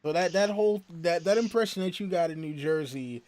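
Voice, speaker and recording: A man chatting at the table in a slightly high voice. He rambles and circles back, stumbling over his words as he goes. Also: brisk, darkish tone, no room sound. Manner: rambling, full of restarts and laughter. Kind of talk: casual table chat.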